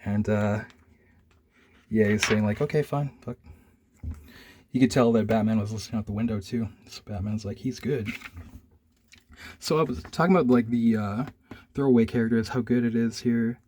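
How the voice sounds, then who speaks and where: A man's voice: lowish voice, fairly even intonation, brisk, darkish tone, slight background noise. A young man casually reviewing a comic, rambling in a laid-back way with lots of "like" and "man".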